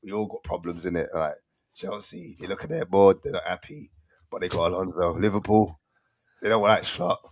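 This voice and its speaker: A man's voice: sits low, lively intonation, moderate pace, slight background noise. A man hosting a casual, slangy football fan chat and often laughing. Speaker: host.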